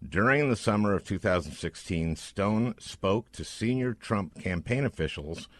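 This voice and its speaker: A man hosts a podcast interview in an impassioned, emphatic way. His voice sits fairly low and swings widely up and down as he presses a point. He takes his time, and the sound is close and dry with no room around it. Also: animated, a little slow, no echo. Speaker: podcast host.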